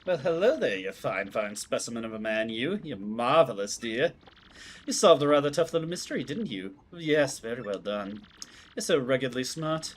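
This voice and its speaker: Man playing a flirty train passenger lady in a game, low and purring, flattering, lively swoops. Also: normal speed, slight background noise, natural voice. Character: flirtatious adult woman on a train.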